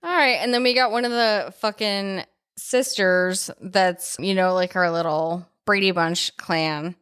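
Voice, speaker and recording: Female podcast co-host, mid pitch, irreverent casual delivery with frequent swearing. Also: fairly even intonation, measured pace, a bit bright, clear, resonant tone. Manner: loose and jokey, swears freely. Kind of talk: casual chat recapping a horror film.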